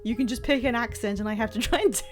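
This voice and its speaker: A woman chatting casually on a live stream while playing a game, excitable and self-deprecating, rambling from one thought to the next. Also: on the high side, rapid-fire, soft background music. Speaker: livestreamer playing a video game.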